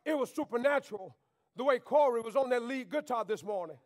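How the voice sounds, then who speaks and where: A man preaching a sermon to his church. He calls on the congregation to talk back, rising to shouts and dropping to near whispers. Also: very high-pitched, lively intonation, a little fast. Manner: preaching with call-and-response, swings between shouting and quiet. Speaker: pastor. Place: church sanctuary.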